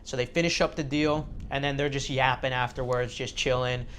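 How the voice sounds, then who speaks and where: Man, host, casual storytelling, animated, lots of fillers, mid pitch. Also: brisk, a little hiss or hum.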